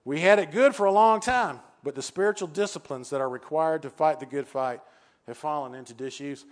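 A man's voice: fairly high pitch, a little fast. An older man preaching a sermon with earnest, repetitive phrasing and many rhetorical questions.

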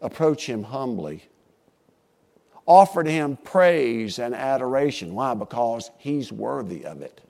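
An older man preaching a sermon as pastor, emphatic, dropping to a hush and rising to a boom, drawing out key words. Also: expressive, creaky. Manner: emphatic, swings between hushed and booming, drawn-out stressed words.

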